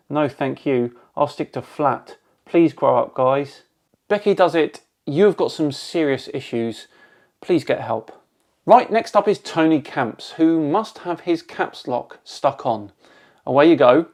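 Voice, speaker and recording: A man's voice: a little high, expressive, takes it slowly, a little mellow. Dry, sarcastic man reading comments. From Bristol, England. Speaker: video host. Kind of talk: reading out and rebutting viewer comments.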